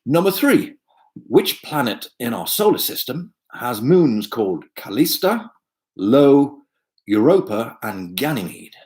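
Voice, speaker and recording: A man's voice: mid-range voice, very animated, slow pace, a little mellow, poor audio. A man hosting a pub quiz from home on a video call, chatting and joking with lots of fillers. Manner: chatty, jokey asides, many fillers. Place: home room.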